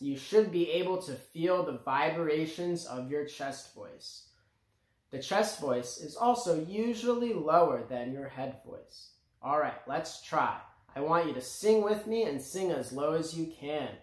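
A man teaching young children about singing, talking slowly and clearly and encouraging them to join in. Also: fairly high pitch, animated, reverberant. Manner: slow, clear and encouraging, speaking directly to children. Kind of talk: children's music lesson.

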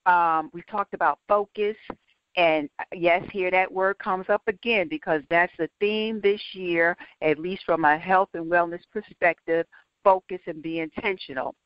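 A woman's voice: on the low side, fairly even intonation, moderate pace, no room sound, dull audio. A woman health coach giving a faith-based health segment with upbeat, preacherly emphasis.

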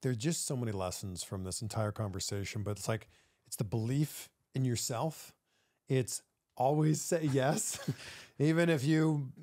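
A man's voice: mid-range voice, a little mellow. A man hosting an interview, reflecting and affirming his guest in casual chat. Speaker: interview host.

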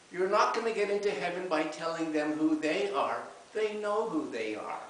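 A man delivers a church sermon in a slightly high voice, opening with a lighthearted story before turning earnest. He is recorded from a distance in a very echoey hall. A faint hiss runs under the recording. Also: a bit bright. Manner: humorous storytelling then earnest preaching. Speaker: minister.

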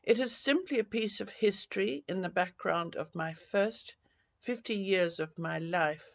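An older woman from Africa, reading her own memoir aloud in an unhurried storytelling manner. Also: medium pitch, gravelly, no room sound. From South Africa. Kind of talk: audiobook reading. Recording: dull lo-fi dry recording.

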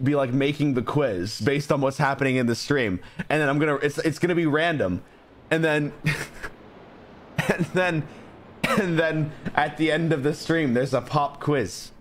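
A young man streaming a game live, rambling and joking as he plays. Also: a little high. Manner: rambling, excitable, jokey. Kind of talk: live gameplay commentary.

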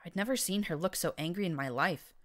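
A woman narrating fiction in first person, reading with a wry, even delivery. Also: lowish voice, brisk. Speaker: audiobook narrator.

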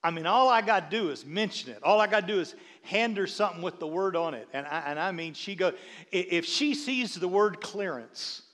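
Speaking fairly quickly in a high voice, a middle-aged pastor livens up his sermon with comic tales about his wife and acts out her voice. He builds energy by repeating words. The recording has the long reverb of a large hall.

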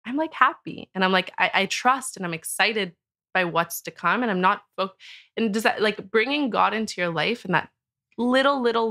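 Chatty woman host, bright voice. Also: on the low side, gravelly. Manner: chatty, many "like" fillers, acts out her own inner talk; laughs often while talking. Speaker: podcast host. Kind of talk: casual chat.

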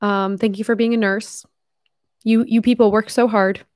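A woman's voice: medium pitch, little pitch movement, normal speed, darkish tone, no room sound. A young woman chats casually to her stream audience, full of "like" and the odd swear word. Her voice sounds a little worn after hours of talking. The sound is dry and close, with no room around it. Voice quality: chatty, lots of "like", casual swearing. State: voice tiring from long talking. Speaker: live streamer. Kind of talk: casual live stream chat.

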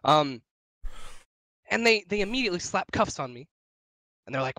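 Young man, casual podcast storyteller, swears a lot, slightly high voice with a dry sound. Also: fast talker, no room sound. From Wisconsin. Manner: profane, animated storytelling. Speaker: podcast co-host.

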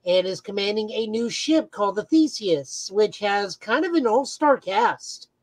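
A woman's voice: medium pitch, animated, measured pace, darkish tone, dry recording, rough recording. A woman co-hosting a casual podcast who recaps comic plots in detail with frequent filler words. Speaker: podcast co-host.

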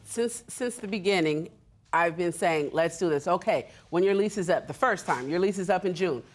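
A woman in her thirties testifying on a TV court show, telling her side in an animated, indignant way. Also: lowish voice, normal speed, slightly rough. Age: 30s. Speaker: litigant.

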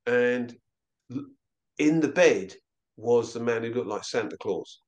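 A man telling a personal story as an interview guest, halting and often repeating himself. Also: mid-range voice, animated. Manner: halting, with frequent stammered repeats.

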